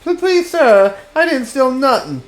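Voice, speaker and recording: A frightened refugee father begs in a strained Cockney voice, put on by a man reading a video game aloud. He stammers and pleads, pitched far above a normal man's speech. Soft game music hums underneath. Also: animated, measured pace. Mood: pleading.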